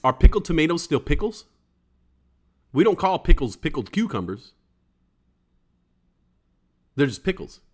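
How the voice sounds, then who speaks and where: A man's voice: a little high, a little slow, pauses often, breathy edge. A man in his forties hosting a casual live stream, joking and reading chat comments aloud. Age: 40s. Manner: animated and jokey, acts out quoted voices. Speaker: livestream host reading chat.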